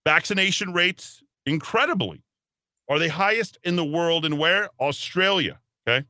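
A man's voice: fairly high pitch, lively intonation, moderate pace, pushed and bright, no echo, clean studio sound. A man hosting a talk radio show, ranting emphatically and sarcastically, at times putting on mocking voices. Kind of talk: opinionated talk radio monologue. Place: radio studio.

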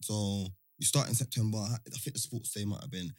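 A young man, animated and full of slang, telling a story in casual chat. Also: on the low side, brisk, dry recording, studio quality.

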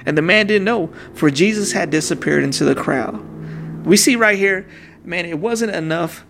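Male pastor, 30s, gravelly fry, casual street-talk sermon delivery. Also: high voice, normal speed, a bit bright, a little hiss or hum. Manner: casual, conversational preaching with slang asides.

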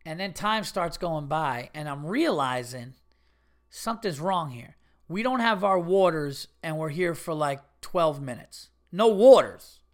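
Guy ranting on his podcast, casual storytelling, swears a lot, gets worked up and loud then chills back down. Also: fairly high pitch, unhurried. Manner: animated, swearing, rising to indignant bursts. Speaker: podcast host.

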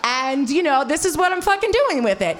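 A woman storyteller with a slightly high voice, talking in an animated, self-mocking way. She swears casually and leans on "like" as she tells a personal story. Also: a little fast, a faint crowd. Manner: animated, swearing, heavy filler "like"; self-mocking, frequent laughter.

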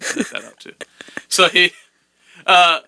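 A man's voice: sits high, flat delivery, a little slow, pushed and bright, clear, resonant tone. A man hosting a podcast, chatting casually with a goofy, jokey, playful mock-motivational delivery. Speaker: podcast host. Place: podcast studio room.

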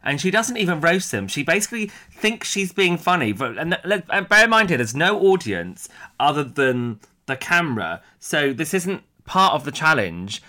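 A man in casual chat as a podcast co-host, animated and indignant, swearing freely. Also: a little high, moderate pace.

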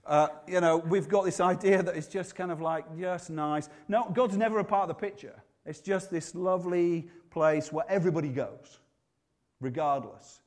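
A man's voice: high-pitched, normal speed. A man with a Yorkshire accent preaching a sermon in a conversational, humorous way, often restarting his sentences.

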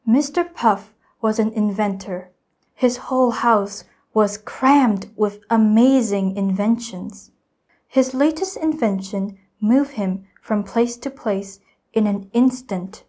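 A teenage student girl reading a children's storybook aloud, careful and expressive. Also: medium pitch, slow pace. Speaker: student reader.

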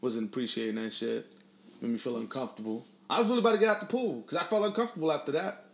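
Animated, fast-talking man telling a story. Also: medium pitch, creaky. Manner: animated storyteller, swears a lot, acts out quotes. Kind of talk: casual podcast chat.

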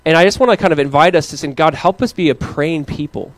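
A man's voice: fast talker, no echo. Upbeat male pastor, storytelling sermon. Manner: animated storytelling, acting out his kids in high voices. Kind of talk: conversational sermon.

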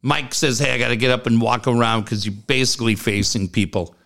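A man's voice: medium pitch, fairly quick, fairly bright tone. A middle-aged man co-hosting a casual talk show, telling stories with swearing and laughing at himself. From Southern California. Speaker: podcast co-host. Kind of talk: casual chat.

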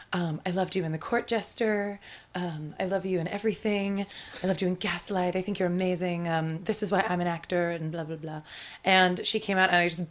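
A woman's voice: lowish voice, fairly bright tone. Chatty woman telling a rambling story. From United States. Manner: rambling, many fillers, laughs while telling. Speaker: guest, actor. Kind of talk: casual storytelling chat.

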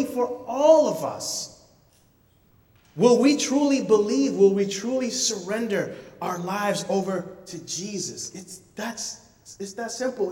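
Man, pastor, earnest conversational sermon, fairly high voice, roomy hall echo. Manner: earnest, conversational preaching with repetitions. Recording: echoey hall, voice from far off.

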